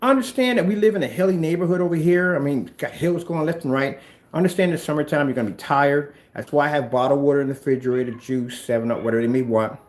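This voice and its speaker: A man running a small business, chatting casually at home and ranting in an animated way. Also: quick pace. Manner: animated, ranting, talks to his pets in a high voice. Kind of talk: casual vlog chat. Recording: echoey room with faint noise.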